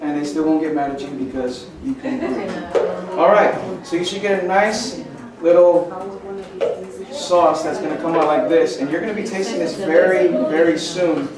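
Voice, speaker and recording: A man's voice: fairly high pitch, normal speed, over a noisy crowd. A man giving a live cooking demonstration, chatty and joking as he quizzes his audience. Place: large echoey church hall. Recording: very echoey hall, mic at a distance.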